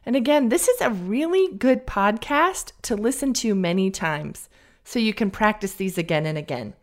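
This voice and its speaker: A woman teaching pronunciation on a podcast, slowly modeling vowel sounds and example words for listeners to repeat. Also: medium pitch, lively intonation, a little mellow. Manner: slow, careful, drawn-out modeling of vowel sounds.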